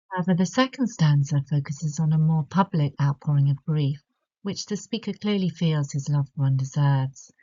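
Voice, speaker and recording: A woman with a British English accent, giving a measured, explanatory literature lesson and slowing down to stress key words. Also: fairly low pitch, mellow. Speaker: literature tutor. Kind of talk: recorded poetry analysis lesson. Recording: slightly dull lo-fi audio.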